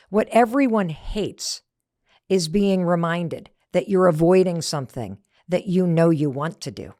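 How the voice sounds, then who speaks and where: A middle-aged woman hosting a podcast, telling a story in an animated motivational talk that drops to whispered asides. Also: lowish voice, no room sound, clean studio sound. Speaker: podcast host.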